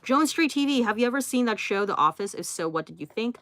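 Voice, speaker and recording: A woman's voice: on the high side, expressive, fast talker, a bit bright, no room sound, studio quality. A young woman hosting a casual livestream from her phone, reading out viewer comments and answering each one briefly, with laughs and fillers. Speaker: livestream host.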